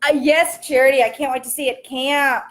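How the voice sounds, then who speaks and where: A woman's voice: sits high, steady tone, brisk, a bit bright. A young woman chatting casually on a cooking livestream, greeting viewers by name and laughing often. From American countryside. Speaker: livestream host cooking while reading comments. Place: home kitchen. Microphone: phone camera.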